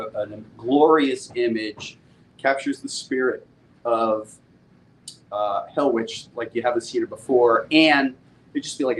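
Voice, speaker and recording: Laid-back, excitable middle-aged man. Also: mid-range voice, a little hiss or hum, low-quality recording. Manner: enthusiastic, laid-back, slangy. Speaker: comic book publisher hosting a live stream. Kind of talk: casual live-stream chat.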